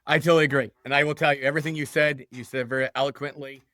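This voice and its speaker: A man hosts a casual interview in an earnest, agreeable way, picking up his guest's points and restating them. His voice is bright and forward. It is recorded dry and close. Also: medium pitch, fairly even intonation, racing, no echo. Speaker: podcast host.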